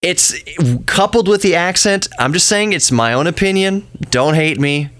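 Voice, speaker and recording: A man's voice: high-pitched, expressive, moderate pace, a bit bright, no echo. Chatty man hosting a podcast, dry sound. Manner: rambling, chatty, self-interrupting asides. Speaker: podcast host. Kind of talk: casual opinionated monologue.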